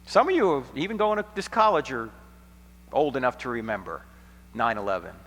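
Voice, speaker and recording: A middle-aged American man giving an apologetics lecture to college students, telling stories dramatically, sometimes hushed and sometimes nearly shouting, with a sarcastic edge. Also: medium pitch, big pitch swings, moderate pace. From United States. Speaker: Christian apologetics speaker. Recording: long hall reverb.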